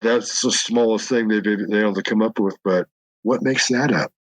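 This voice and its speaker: A middle-aged man, a guest sharing encounter stories, tells long, rambling tales in casual chat and often breaks into laughs. His voice is lowish and at normal speed. The audio is poor, with a little hiss or hum.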